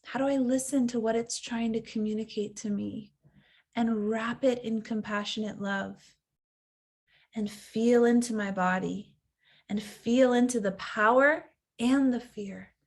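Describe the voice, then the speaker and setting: A woman's voice: on the high side, fairly even intonation, unhurried. A woman in her thirties, a coach giving an earnest, reflective teaching talk and sometimes acting out the inner voice of fear.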